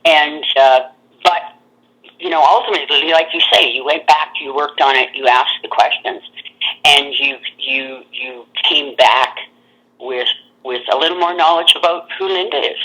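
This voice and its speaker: A woman's voice: sits low, normal speed, pushed and bright, rough recording. A woman talking reflectively in casual conversation, hesitant, with frequent fillers. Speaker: reader, guest. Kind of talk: casual chat over a call.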